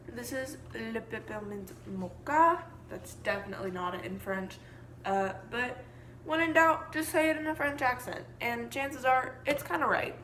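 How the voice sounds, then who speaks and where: A woman's voice: high-pitched, fairly bright tone. A teenage girl vlogging casually from her home kitchen, joking and self-deprecating, filmed on a phone. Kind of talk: casual cooking vlog. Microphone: phone camera. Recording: echoey room, faint noise.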